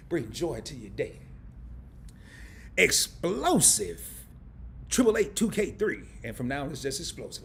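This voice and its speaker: A man's voice: a little high, a little hiss or hum. A middle-aged man from a small town in Arkansas, hosting a live stream and chatting casually in a joking, rambling way. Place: indoors under camera lights.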